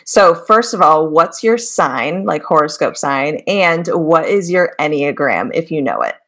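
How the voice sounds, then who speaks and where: A woman's voice: sits low, very animated, a bit bright. Upbeat chatty woman hosting a podcast. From Boston area. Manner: upbeat and chatty, quick to laugh. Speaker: podcast host. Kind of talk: casual podcast interview.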